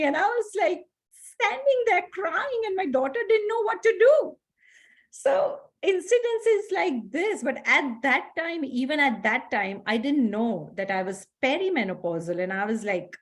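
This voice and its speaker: A middle-aged woman speaker giving a workshop talk to an audience, telling stories with animated acted-out scenes. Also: sits high, unhurried. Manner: animated storyteller, acts out scenes. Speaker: guest speaker.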